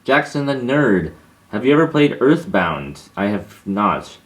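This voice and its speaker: A man's voice: fairly low pitch, sing-song, a little slow. A young man answering viewer questions in a casual, hesitant monologue, with many fillers and restarts.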